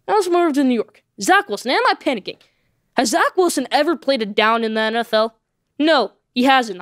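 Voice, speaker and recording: A woman hosting a solo sports podcast, giving excitable, emphatic opinions and driving each point home with a repeated "okay?". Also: on the high side, dry recording, clean studio sound.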